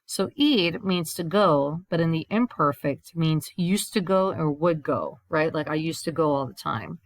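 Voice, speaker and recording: A woman with a low voice talks through a recorded grammar lesson, explaining each step and reading example sentences aloud before translating them. The sound is dry and close to the mic, with no room around it. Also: expressive, unhurried, no echo. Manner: explains step by step, reads examples in Spanish then English. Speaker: Spanish teacher.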